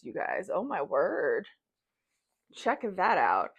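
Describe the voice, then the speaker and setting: A young woman vlogging a book unboxing, bubbly and gushing, squealing with excitement and then reading the jacket copy aloud. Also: lowish voice, slow pace.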